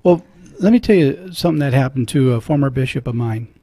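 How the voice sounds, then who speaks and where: A man's voice: medium pitch, animated, fast talker, gravelly, dark tone. A middle-aged man hosting a radio talk show from a studio, earnest and preacherly, moved when he quotes scripture.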